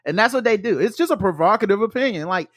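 A man co-hosting a casual chat show, retelling a news story with lively quoted lines. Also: high-pitched, fast. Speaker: podcast co-host.

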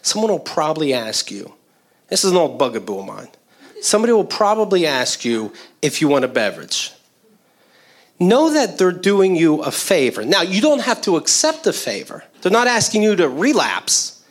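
Animated laughing male stand-up comic. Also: high voice, normal speed. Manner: animated, laughing storytelling with acted-out quotes. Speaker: stand-up comedian. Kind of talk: stand-up comedy.

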